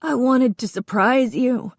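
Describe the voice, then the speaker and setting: A man's voice: measured pace, vocal fry, no echo, clean studio sound, heavily acted. A woman reading an audiobook, voicing a frightened young man who is crying and pleading in a raised voice. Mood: tearful. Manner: high, tearful, pleading. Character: frightened young man, sobbing, burned hands.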